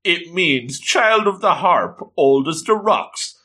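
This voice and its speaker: A man's voice: animated, sharp tone, full character voice. A man reading aloud and voicing a bold, sassy seventeen-year-old girl in a raised, teasing voice. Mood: bragging. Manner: pitched-up girlish voice, brisk and teasing.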